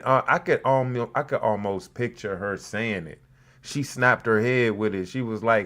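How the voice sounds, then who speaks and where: A man hosting a podcast, reading a news article aloud and mocking it with profane, sarcastic asides. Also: normal speed. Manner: jumps between flat reading and loud, high outbursts. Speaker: podcast host. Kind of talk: casual news commentary.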